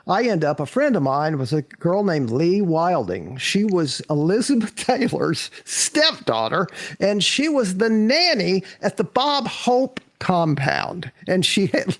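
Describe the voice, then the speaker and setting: Animated older man telling stories. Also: sits high. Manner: animated, acts out quotes, laughs often. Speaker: guest, former actor. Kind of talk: anecdotal storytelling.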